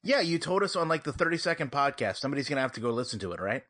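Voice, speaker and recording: A man's voice: medium pitch, big pitch swings, racing, sharp tone, no echo, studio quality. A man co-hosting a casual sports podcast, talking with wry, teasing banter. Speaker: podcast co-host.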